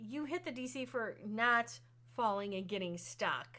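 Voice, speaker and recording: Bright-voiced woman running a tabletop game. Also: on the high side, lively intonation, normal speed. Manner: swearing, joking, breaks into laughter. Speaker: game master. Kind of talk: casual tabletop game narration.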